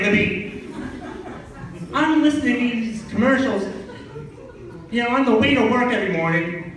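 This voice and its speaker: A man from Vermont doing stand-up in a small club, sarcastic and ranting, his voice high for a man. The room is very echoey and he sounds distant from the microphone, with a faint hiss underneath. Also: a little slow. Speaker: stand-up comedian. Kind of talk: stand-up comedy set. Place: small comedy club stage.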